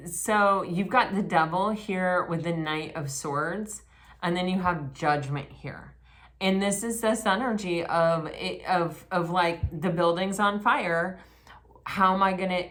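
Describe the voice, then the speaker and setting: A woman with a low-pitched voice talks through a tarot reading. She rambles casually and often restarts her sentences. Now and then she breaks into excited exclamations. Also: measured pace. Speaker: tarot reader.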